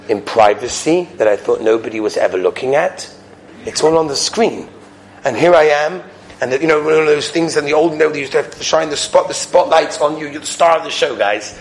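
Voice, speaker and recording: Man, Torah lecture, high voice, lively storyteller, acts out dialogue, loud then soft. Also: fairly quick, slight background noise, low-quality recording. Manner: swings between loud exclamations and soft asides. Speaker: Torah teacher.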